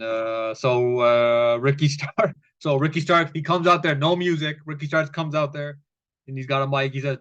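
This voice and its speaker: A man's voice: fairly high pitch, a bit bright, clean tone, lo-fi sound. A man casually recapping a wrestling show, rambling and profane, with fillers and laughs.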